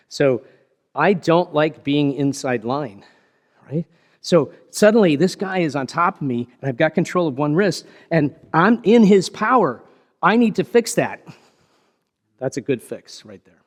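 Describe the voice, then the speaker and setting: A man teaching karate techniques to a class, explaining in a chatty, self-deprecating way with a partner beside him. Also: a little high. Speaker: karate instructor. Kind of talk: hands-on martial arts teaching. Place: large karate dojo with a partner. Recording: long hall reverb.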